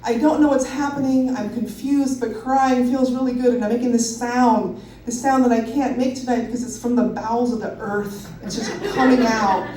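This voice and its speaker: A woman in her thirties telling a personal story live on stage, animated and self-mocking, laughing often. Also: a little high. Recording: roomy hall from a distance.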